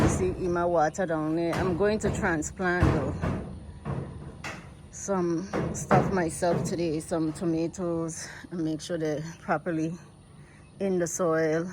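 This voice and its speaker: An American woman from the United States giving a casual, easygoing walking tour of her rural homestead and talking straight to her viewers, recorded outdoors on a handheld phone. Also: lowish voice. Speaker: vlogger. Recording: loud outdoor background noise.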